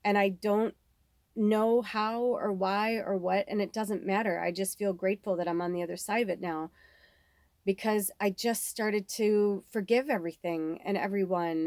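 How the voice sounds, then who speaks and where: A medium-pitched, slightly mellow female voice comes through with studio quality and no room sound. She's a psychic medium in her thirties doing a casual spiritual reading, frank, wandering, and swearing freely.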